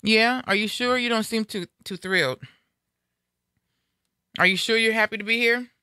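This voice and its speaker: A woman's voice: on the high side, moderate pace, sharp tone, clear, resonant tone, no echo, clean studio sound. A middle-aged woman hosting a live talk show in a casual, upbeat, playful way. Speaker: radio show host.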